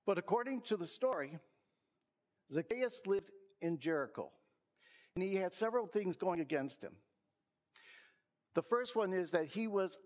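Man, pastor, slightly higher voice, easygoing storytelling sermon, pokes fun at himself. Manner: storytelling, gently self-mocking. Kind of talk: sermon with an opening joke.

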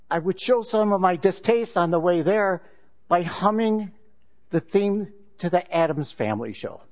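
Male pastor, sermon, high voice, candid and self-deprecating.

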